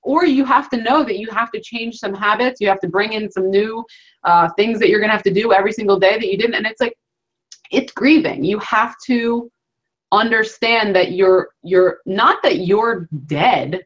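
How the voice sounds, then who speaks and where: A woman hosts an interview over a video call, speaking earnestly and looping back to rephrase her points. Her voice sits at a middling pitch. The call audio comes through dull and lo-fi. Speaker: host. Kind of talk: reflective interview commentary.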